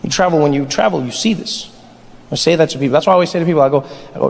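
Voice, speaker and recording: A man's voice: a little high, very fast, creaky, a faint crowd. A male stand-up comedian telling wry, conversational stories to a live audience. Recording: live club hall with audience. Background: audience laughter.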